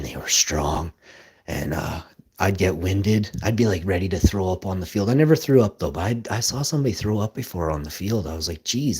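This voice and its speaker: A man telling rambling, boastful stories as a live streamer, with bursts of loud laughter. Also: low voice, slightly rough. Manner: boastful, rambling, laughs loudly mid-story. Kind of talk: rambling storytelling.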